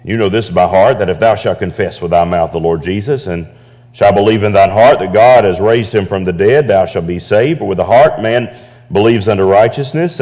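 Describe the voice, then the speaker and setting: A man's voice: fairly low pitch, lo-fi sound. A man preaching a sermon as pastor, repeating phrases and stumbling into restarts as he builds to emphatic points. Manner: preaching with repetitions and stammered restarts, rising to emphatic. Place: church.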